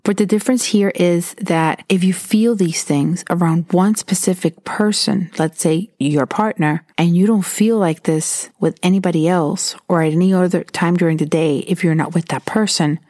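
A woman's voice: lowish voice, moderate pace, few pauses, warm tone, no echo, clean studio sound. A woman talking earnestly and candidly, sharing her own experiences as advice. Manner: earnest and candid, recounting personal stories. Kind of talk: personal advice talk.

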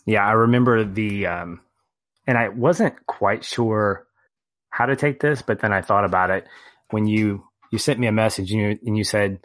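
A man's voice: lowish voice, moderate pace, fairly bright tone, no room sound. A man co-hosting a podcast, talking about a film in a wry, hesitant way. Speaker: podcast co-host. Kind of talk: casual film review chat.

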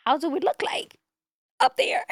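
A woman with a Dominican accent, chatting as a guest author, animated and laughing often. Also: measured pace, dry recording, studio quality. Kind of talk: casual conversation.

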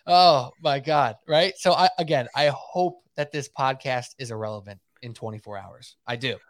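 A man co-hosting a casual sports podcast, talking in an animated, emphatic way and often repeating himself. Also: mid-range voice, normal speed, no room sound, clean studio sound. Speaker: podcast co-host.

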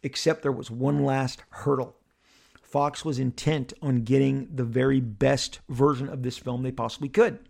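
A man hosting a podcast, telling a story in an animated monologue and acting out the people in it. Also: mid-range voice, normal speed, vocal fry. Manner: excitable, acts out the crowd and others in bursts.

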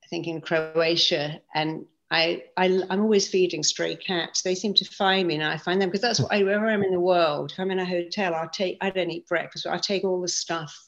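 A woman guest in conversational storytelling, lively and acting out the voices of people she quotes. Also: lowish voice, a little fast, hardly any pauses. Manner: lively, acts out quoted speech. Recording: dull lo-fi sound.

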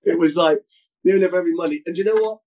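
Animated man telling stories. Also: sits high, racing, rough recording. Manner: animated, repeats words, jumps into quoted voices. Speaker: guest, former footballer. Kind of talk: storytelling anecdotes in conversation.

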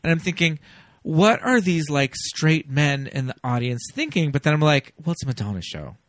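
Male podcast co-host, chatty and lively in pitch, dry close sound. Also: normal speed, no echo. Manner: chatty, hedging with fillers and frequent laughs. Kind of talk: casual chat.

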